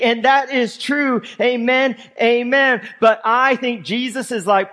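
A man with a very high voice for a man preaches a sermon. He reads scripture aloud and puts emphatic weight on each point as he works through the verses. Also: measured pace, hardly any pauses, sharp tone. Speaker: pastor.

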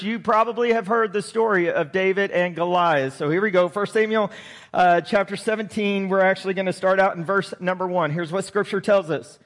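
A man's voice: very high voice, a bit bright. A man preaching a sermon, telling a personal story in a conversational way, then reading and explaining scripture. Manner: conversational storytelling, chuckles, direct questions to listeners. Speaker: pastor. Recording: long hall reverb.

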